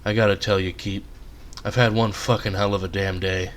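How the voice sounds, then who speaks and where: A man voicing a weary, foul-mouthed male drunkard in a read-aloud story, speaking gruffly and cursing. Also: on the low side, level tone, moderate pace, slight background noise, lightly acted. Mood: grumbling.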